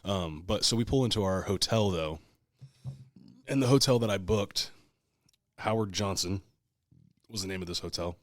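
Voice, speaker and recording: A man's voice: sits low, moderate pace, pauses often, no echo, clean studio sound. A man co-hosting a podcast, telling a long story in casual, profane, heated talk. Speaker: podcast co-host.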